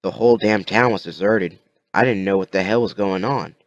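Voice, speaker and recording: A man voicing a frightened grown man who wakes into disaster, yelping and shouting in panic. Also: lowish voice, normal speed, dry recording, highs cut off, natural voice. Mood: confused.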